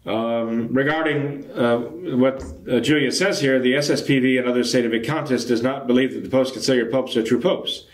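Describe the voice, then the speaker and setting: Older priest in an echoey room. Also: male voice, medium pitch. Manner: measured, explanatory, frequent hesitations. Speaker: traditionalist Catholic priest. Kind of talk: answering a viewer's question on camera.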